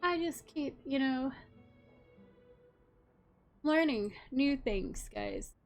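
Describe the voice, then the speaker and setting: Excitable woman streamer with a high voice. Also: very slow, faint music behind. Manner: excitable, exclaiming to chat. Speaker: game streamer. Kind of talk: casual live-stream commentary.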